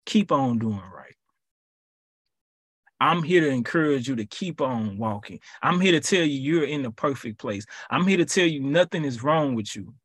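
A man leading a podcast Bible study who preaches in a lively, colloquial way and repeats his phrases for emphasis. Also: mid-range voice, normal speed, breathy edge, no echo.

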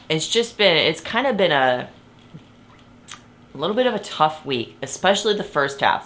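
A young woman with a low voice hosts her podcast from her bed. She rambles loosely and cuts herself off mid-thought. She breaks into laughter often. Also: a bit bright, a little hiss or hum. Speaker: podcast host. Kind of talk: casual chat. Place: bedroom, sitting on her bed.

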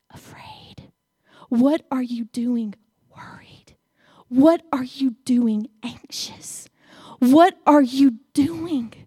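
A woman preacher voicing the Lord, speaking to a prophet in a hushed whisper that swells into emphatic pleading. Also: on the high side, slightly rough, no room sound, clean studio sound, exaggerated voice. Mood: whispering, tender. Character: the Lord, a male divine voice, gentle then commanding.

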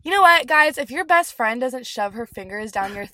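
A woman's voice: a little high, animated, normal speed, pushed and bright, dry recording. A young woman co-hosting a podcast, telling stories candidly with swearing and laughter. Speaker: podcast co-host. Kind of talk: casual chat.

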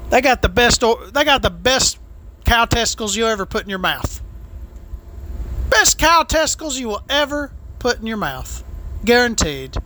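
Male food vlogger, high and bright, crude exasperated rant. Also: big pitch swings, normal speed. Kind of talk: profane ranting storytelling.

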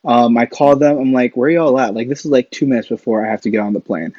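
A man's voice: mid-range voice, fast, warm tone, no echo. Rambling man telling stories on a lo-fi mic. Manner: rambling, with many fillers and restarts. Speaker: podcast guest. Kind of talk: casual storytelling. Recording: dull lo-fi dry sound.

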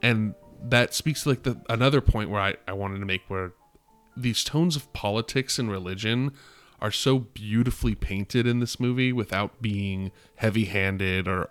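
A man with a fairly low voice talks through a film in casual podcast chat. He is soft-spoken and rambling, with fillers in almost every sentence. Faint music plays behind him. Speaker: podcast co-host. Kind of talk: casual movie discussion.

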